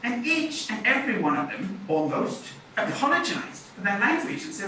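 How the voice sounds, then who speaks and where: A middle-aged man, a university lecturer, talking lively and chatty about public speaking, moving around as he talks. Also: high-pitched, moderate pace, slight background noise. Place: lecture hall. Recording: echoey hall, mic from far off.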